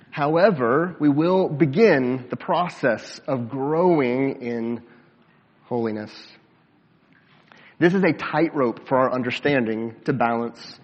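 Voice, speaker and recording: A man preaching a sermon as pastor, measured and deliberate, slowing down for emphasis and dropping low at the ends of phrases. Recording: dull sound with long hall reverb.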